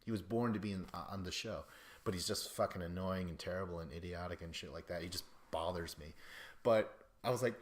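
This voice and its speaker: A man's voice: low voice, animated, a little fast. Rambling, profane male podcast host. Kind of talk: casual podcast commentary.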